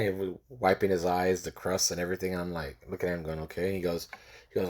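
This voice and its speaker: A man's voice: low-pitched, brisk, a little mellow. A man in his forties from California telling a personal story in a casual way, repeating phrases and acting out the people he quotes. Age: 40s.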